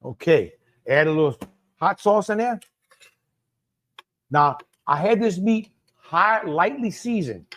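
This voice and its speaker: Man, Cajun accent, fairly high voice, live cooking demo, chatty and repetitive. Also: animated, takes it slowly, pauses often, fairly bright tone. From Louisiana. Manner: chatty, repeats himself, talks to viewers by name. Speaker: cooking show host.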